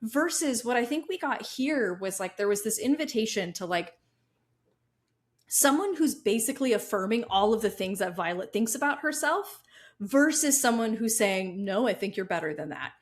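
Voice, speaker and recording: An American woman co-hosts a book podcast, thinking aloud in casual chat. Her voice sits fairly high, and she leans on fillers and breaks into light laughs. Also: animated, normal speed. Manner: thoughtful, many fillers, laughs. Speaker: podcast co-host.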